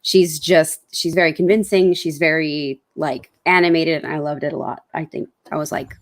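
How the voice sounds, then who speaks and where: A woman co-hosting a casual movie review podcast, expressive and quick to laugh. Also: low voice. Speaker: podcast co-host.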